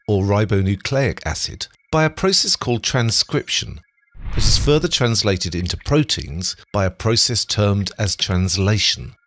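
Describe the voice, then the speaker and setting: Male narrator, lowish voice with a lively pitch, measured scripted science lesson, faint noise.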